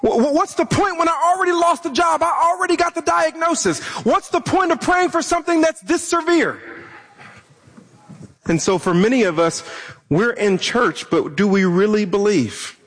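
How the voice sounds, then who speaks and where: High-voiced preacher in a reverberant hall. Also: male voice, animated, normal speed, a bit bright. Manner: impassioned, acts out frustrated pleas. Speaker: pastor. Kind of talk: sermon. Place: church sanctuary. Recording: long reverb of a large hall.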